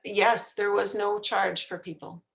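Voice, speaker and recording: A woman's voice: medium pitch, little pitch movement, a little slow, vocal fry, a bit bright, poor audio. A woman who works in health care, explaining a service with many fillers. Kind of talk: answering questions.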